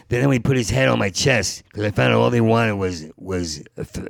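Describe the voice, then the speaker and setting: Gravelly, stammering comic storyteller man. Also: fairly low pitch, moderate pace, few pauses, no room sound. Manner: stuttering repetitions, jumping into character voices. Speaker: comedian guest.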